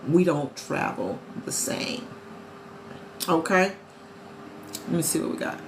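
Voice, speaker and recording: A woman's voice: deep voice, slow pace, long pauses. Chatty woman on a live stream. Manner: animated, chatty, talks straight to viewers. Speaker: travel agent host of a live stream. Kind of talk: casual live-stream chat. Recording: echoey room with faint ambient noise.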